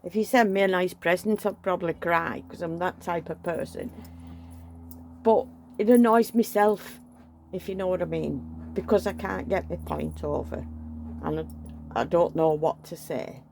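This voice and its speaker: Creaky middle-aged woman. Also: fairly low pitch, a little slow, darkish tone, a little hiss or hum. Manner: chatty, venting, emotional. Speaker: doll collector vlogger. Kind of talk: casual chat while dressing a doll. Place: at home.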